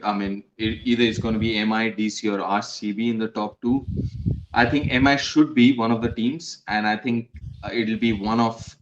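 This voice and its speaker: A man, a former cricketer giving live post-match analysis over a remote call, earnest and often repeating words as he restarts. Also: lowish voice. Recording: dull lo-fi line, faint noise.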